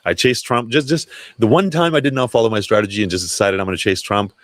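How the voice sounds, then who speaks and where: A fast-talking man with a lowish voice, recorded with no room sound, hosts a casual livestream chat. His manner is loose and profane, and he often self-interrupts and starts over.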